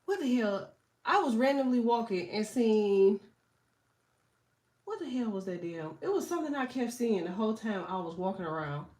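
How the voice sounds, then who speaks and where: A woman's voice: on the high side, very animated, normal speed, darkish tone. A woman in her thirties with allergies, chatting casually and animatedly as a livestream host, joking, swearing and laughing often.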